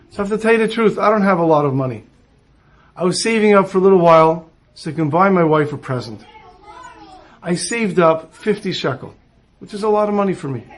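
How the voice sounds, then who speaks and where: A rabbi telling a story to listeners, acting out the dialogue of the people in it. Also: male voice, high voice. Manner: animated storyteller who acts out dialogue. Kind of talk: storytelling talk.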